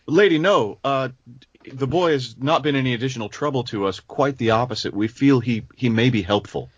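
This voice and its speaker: A man's voice: medium pitch, a little fast, husky, dry recording, dull audio, voice pushed up, natural voice. A man voicing a courteous warrior character who speaks with formal, deferential diction, in a tabletop game. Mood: placating.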